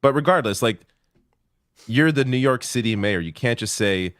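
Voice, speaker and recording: A man's voice: mid-range voice, animated, normal speed, fairly bright tone, dry recording, studio quality. A man co-hosting a podcast, commenting with incredulous criticism. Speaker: podcast co-host. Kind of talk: casual chat, commentary.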